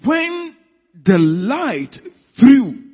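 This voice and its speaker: A man preaching a sermon, telling the story dramatically with sudden loud emphatic peaks. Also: very high-pitched, huge pitch swings, very slow, husky. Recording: dull sound in a reverberant hall.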